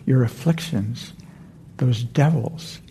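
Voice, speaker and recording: A man giving a dharma talk as a meditation teacher in a meditation center hall, speaking gently and meandering, often correcting himself mid-sentence. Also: medium pitch, slow pace, a little hiss or hum.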